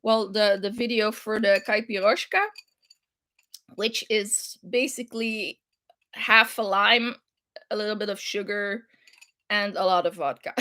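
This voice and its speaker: Slow-talking chatty woman host. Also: medium pitch, a bit bright. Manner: chatty, laughs often, reads viewer comments aloud. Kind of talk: casual live-stream chat.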